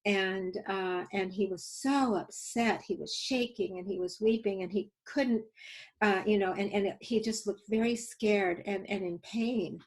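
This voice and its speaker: A woman's voice: medium pitch, measured pace, poor audio. A woman safety educator teaching a webinar over a video call, telling stories and coaching her audience through exercises in an earnest way. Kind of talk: webinar teaching with live demos.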